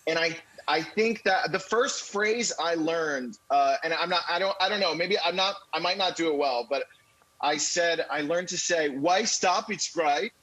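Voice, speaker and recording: A man's voice: on the high side, normal speed, fairly bright tone, low-quality recording. An actor, a man, joining by video call, talking in a bubbly, self-deprecating way and laughing often. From United States. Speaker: actor, interview guest.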